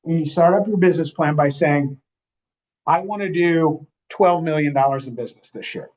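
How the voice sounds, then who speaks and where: A man's voice: on the high side, moderate pace, darkish tone. Man teaching a live class, muffled. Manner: conversational, checks in with the audience often. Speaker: real estate trainer. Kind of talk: live class talk to a room. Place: classroom or training room with an audience. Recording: dull, muffled recording.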